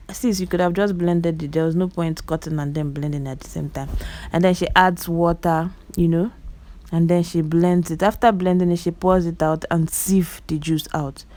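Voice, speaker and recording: A woman's voice: low-pitched, warm tone. Chatty Nigerian woman with an Igbo accent. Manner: chatty, exclaims often, addresses viewers as "you guys"; repeats words for emphasis. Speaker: vlogger. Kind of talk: voice-over commentary on clips.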